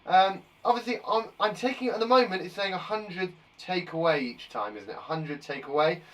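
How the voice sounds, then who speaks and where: A man's voice: high voice, moderate pace, fairly bright tone, distant mic. A man teaching a live online lesson to young children, upbeat, chatty and encouraging. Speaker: primary school teacher.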